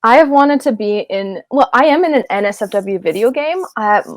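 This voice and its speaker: A young woman from Canada talks in a bubbly, rambling way, giggling through crude jokes. Her voice sits fairly high. It is recorded dry and close, with no room sound. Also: animated, moderate pace, no echo. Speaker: voice actress guest. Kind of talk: casual interview chat.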